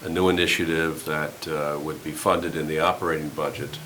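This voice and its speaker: A man explaining budget items at a town board meeting in a measured way. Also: very deep voice, little pitch movement, a bit bright, slight background noise, poor audio.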